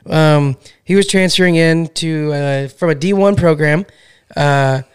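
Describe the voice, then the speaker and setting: A young man co-hosting a podcast, telling stories in an animated, joking way. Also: fairly high pitch, unhurried, clear, resonant tone. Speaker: podcast co-host. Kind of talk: casual podcast chat.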